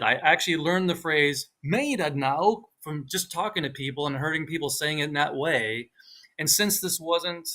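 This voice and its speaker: A man co-hosting a live online talk, telling stories in a casual, animated way and acting out quoted speech with big jumps in his voice. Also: mid-range voice. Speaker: co-host. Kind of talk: casual chat on a livestream.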